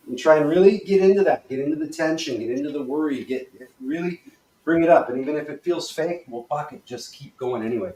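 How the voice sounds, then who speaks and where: A man's voice: on the high side, a little fast, slight background noise. A man teaching movement exercises in a loose, profane way, talking learners through each step. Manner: loose and profane, acts out worry and whooping excitement. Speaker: movement instructor. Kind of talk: guided exercise instruction. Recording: echoey room, voice from off-mic.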